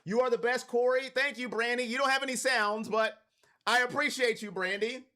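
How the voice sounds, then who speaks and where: A man's voice: very high-pitched, fairly even intonation, moderate pace, pushed and bright. A man hosting a live watch party, calling plays and talking straight to his chat with hype-driven energy, his voice wearing thin. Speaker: livestream watch party host. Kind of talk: live play-by-play commentary with chat.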